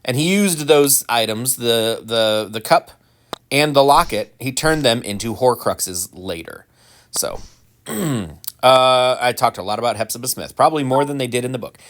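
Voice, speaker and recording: A man hosting a gaming channel rambles casually as he plays, full of ums and restarts. His mid-range voice is unhurried, broken up by animated, mock-indignant asides.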